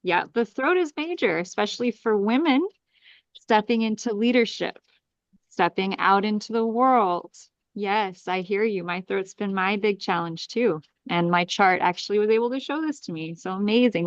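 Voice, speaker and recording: A woman astrologer leading a live group energy-clearing meditation, with soothing, repetitive invocations and breathing cues. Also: mid-range voice, moderate pace, no room sound, highs cut off.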